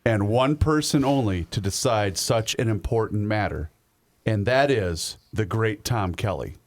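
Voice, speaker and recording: A man co-hosting a talk radio show in a casual style, telling stories in an animated way. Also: fairly low pitch, unhurried. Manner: animated storyteller. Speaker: radio co-host.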